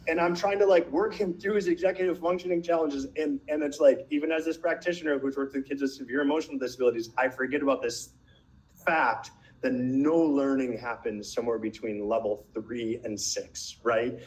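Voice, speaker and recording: A man in his thirties leads a webinar for parents in a relaxed, conversational way. He tells animated stories, acts out quotes and often restarts his sentences mid-thought. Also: on the high side, brisk, low-quality recording. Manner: animated storytelling with acted quotes and many restarts. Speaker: webinar presenter and coach.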